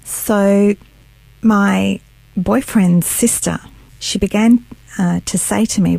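A woman's voice: fairly low pitch, level tone, measured pace, vocal fry, warm tone, dry recording, rough recording. A middle-aged woman giving her personal testimony as an interview guest, telling her story earnestly and acting out what others said. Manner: earnest storytelling, acts out quotes.

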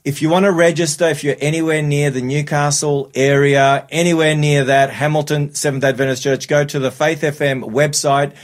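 A man's voice: a little high, level tone, normal speed, hardly any pauses. A man from Australia hosting a radio studio chat, upbeat and chatty, a little nasal from a cold. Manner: upbeat, chatty, laughs often, repeats words. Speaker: radio show host.

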